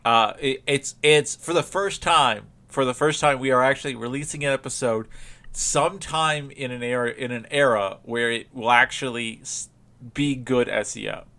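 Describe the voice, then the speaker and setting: A man's voice: mid-range voice, normal speed, pushed and bright. Male podcast co-host, easygoing rambling delivery with frequent laughter, middle-range voice. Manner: rambling, laughs often, many restarts. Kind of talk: casual chat.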